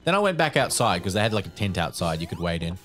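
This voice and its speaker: A man's voice: low-pitched, very animated, fast talker, fairly bright tone, soft background music. Rambling man telling a story. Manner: rambling, many "like" fillers. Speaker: podcast co-host. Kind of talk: casual storytelling chat.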